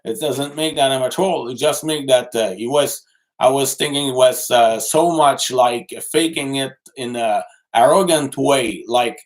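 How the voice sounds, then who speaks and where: A man who is not a native English speaker, answering his livestream chat in a casual, halting way with many restarts and fillers. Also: medium pitch.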